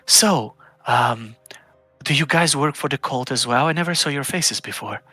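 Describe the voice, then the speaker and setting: A cold-blooded, suspicious cult agent, voiced by a man in a tabletop game, his questions quiet and probing with a menacing edge. The voice is bright and tense. The sound is dry and close. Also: mid-range voice, normal speed, dry recording, faint music behind. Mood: wary.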